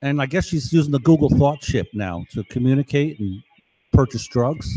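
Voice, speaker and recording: A middle-aged man from New York, United States, speaks in a mid-range, expressive voice at normal speed, mellow with a breathy edge, on a dry recording. He rambles through a long monologue, meandering and tossing in "right?" and "you know?" often. He also acts out voices he overheard in his story.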